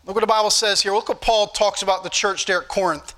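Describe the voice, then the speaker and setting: High, bright-voiced preacher man. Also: fairly even intonation, quick pace. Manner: exhorting, repeats scripture references, rising emphatic bursts. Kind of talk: sermon.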